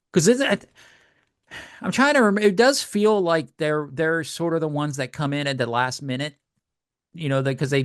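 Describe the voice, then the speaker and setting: Halting male podcast co-host, higher voice. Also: no room sound, studio quality. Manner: halting, restarting mid-thought. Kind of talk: casual chat.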